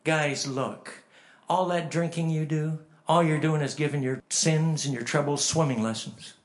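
A man's voice: on the high side, fairly even intonation, measured pace, natural voice. A man preacher voicing a cheerful grown man with a lisp, quoted in a sermon with blunt, joking energy. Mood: confident. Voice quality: lisping.

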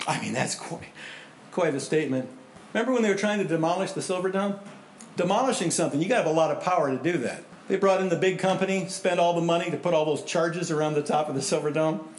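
A male pastor preaching a sermon, animated storytelling that swings between loud and hushed. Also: a little high, fast talker, reverberant, a little hiss or hum.

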